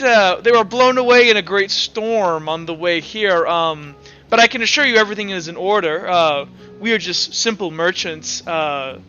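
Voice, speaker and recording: A man puts on a pompous, flustered merchant for a tabletop game, full of over-polite bluster. The voice sits high and bright, projected loudly. The sound is slightly dull, with faint music underneath. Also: exaggerated voice.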